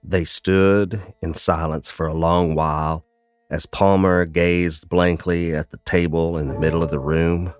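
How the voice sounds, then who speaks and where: A man narrating a fantasy story in a calm, measured, descriptive way. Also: low-pitched, clean tone, dry recording, clean studio sound, soft background music.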